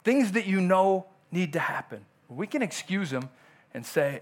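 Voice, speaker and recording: A man's voice: high-pitched, lively intonation, unhurried. A male pastor delivering a conversational sermon in church, often acting out quoted dialogue.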